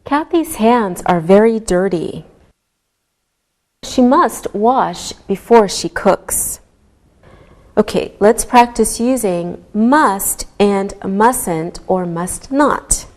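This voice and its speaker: A woman teaching an English grammar lesson, speaking clearly and deliberately to her students. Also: medium pitch, animated. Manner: slow, clearly enunciated teaching voice. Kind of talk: slow classroom instruction.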